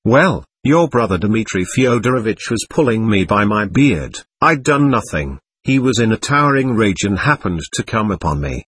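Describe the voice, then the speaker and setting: A man voicing a shabby, bitter middle-aged captain who rambles with ironic self-abasement, husky-voiced. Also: lowish voice, very animated, moderate pace, few pauses, a bit bright, heavily acted. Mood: bitter irony.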